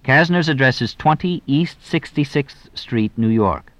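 A man doing a glib, quick-witted young man. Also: medium pitch, expressive, no room sound, pitched above the performer's own voice, lightly acted. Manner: brisk, glib, deflecting.

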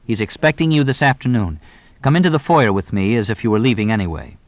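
Glib evasive young man, brisk deflecting replies, lively pitch, dry close sound, read by a man. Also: no echo, lo-fi sound, close to an everyday voice.

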